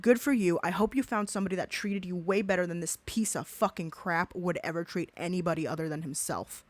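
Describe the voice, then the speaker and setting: A woman's voice: on the low side, no room sound. A woman giving a profane reaction commentary, ranting angrily and swearing heavily. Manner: angry, ranting, heavy swearing.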